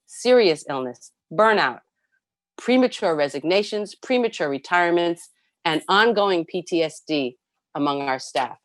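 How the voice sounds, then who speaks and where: A woman's voice: deep voice, no echo. A woman, a nurses' union president giving earnest, emphatic prepared testimony at a public hearing. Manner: earnest, emphatic, reads a prepared statement with stresses and repeats.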